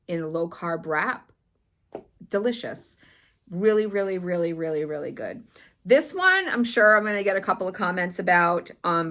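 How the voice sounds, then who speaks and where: A middle-aged woman talks through her recipes in a loose, chatty way, full of ums and likes. Her voice sits a little low, and she sounds eager and warmly convinced about the food she describes. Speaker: weight loss vlogger. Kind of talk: casual chat about recipes.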